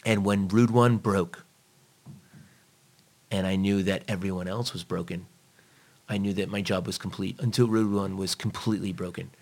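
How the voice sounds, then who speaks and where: A fitness trainer in casual conversation, a man with a lowish voice. He talks bluntly and swears freely, and he acts out the things he says to clients. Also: normal speed, long pauses. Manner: blunt, profane, animated when quoting others. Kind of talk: casual podcast chat.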